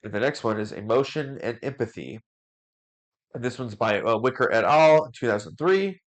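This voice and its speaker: A male parent coach hosts his podcast in a relaxed, casual way. He uses fillers and trips over names now and then. His voice sits at a middle pitch. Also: moderate pace.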